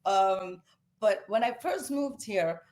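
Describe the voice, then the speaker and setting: A woman's voice: medium pitch, slow pace. A woman with a Brooklyn accent, a guest author telling stories emphatically in a casual interview. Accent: Brooklyn New York. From Brooklyn, New York. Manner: emphatic, animated storyteller.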